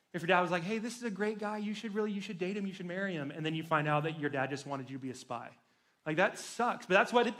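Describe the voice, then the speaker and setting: A man's voice: high voice, a bit bright. A young man preaching to teenagers as a youth pastor, telling a story casually and with energy, adding jokes. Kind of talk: sermon to teens.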